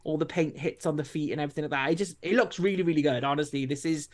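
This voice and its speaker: A man co-hosting a casual live stream, relaxed and rambling, with lots of restarts and fillers. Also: on the high side, racing. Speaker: co-host.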